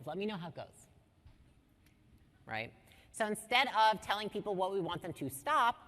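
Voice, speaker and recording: A woman in her thirties giving an energetic business workshop, blunt, swearing casually and asking her audience questions. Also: mid-range voice, long reverb tail. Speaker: business speaker teaching a workshop.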